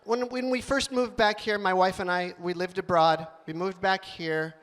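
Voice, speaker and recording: Man, stand-up comedian, high voice, animated, rattles off lists, club stage mic. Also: normal speed.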